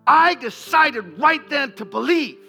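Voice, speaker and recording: A man's voice: extremely high pitch, animated, takes it slowly, gravelly, pushed and bright, faint music behind, pitched above the performer's own voice, exaggerated voice. A man voicing a grateful woman churchgoer who gives an emphatic, breathless testimony. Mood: fervent.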